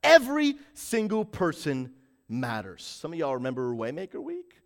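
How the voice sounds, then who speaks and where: A fired-up male pastor speaking to his online church, voice climbing high and swinging widely in pitch. He builds hype in loud bursts, then drops low and intent to drive a point home, calling on viewers to answer in the chat. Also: wildly swooping pitch, moderate pace, big-room sound. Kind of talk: livestreamed church announcement.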